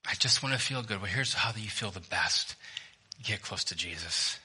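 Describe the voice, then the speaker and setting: Bright-toned, animated male preacher. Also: moderate pace, husky. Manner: animated preaching, swinging from loud emphasis to hushed, low delivery; talks directly to the congregation with questions and humor. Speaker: pastor. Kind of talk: sermon. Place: church in front of a congregation.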